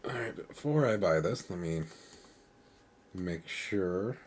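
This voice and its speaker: A man with a gravelly voice giving casual, wry, grumbling commentary as he streams a game, often laughing. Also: deep voice, expressive, slow, darkish tone, a little hiss or hum. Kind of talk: casual let's-play commentary. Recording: game music behind voice. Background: game music.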